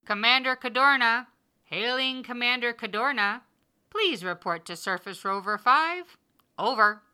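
A man's voice: very high-pitched, moderate pace, pushed and bright, no room sound, studio quality, voice pushed up, exaggerated voice. A man putting on a sultry teasing woman. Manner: teasing, provocative.

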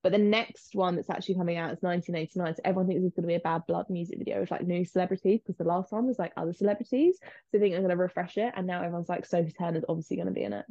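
A woman's voice: fairly low pitch, fairly even intonation, vocal fry, dark tone, no echo. A young woman, co-hosting a podcast in casual, gossipy chat full of fillers. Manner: chatty, gossipy, quick with fillers. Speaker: podcast co-host. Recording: slightly dull, lo-fi sound.

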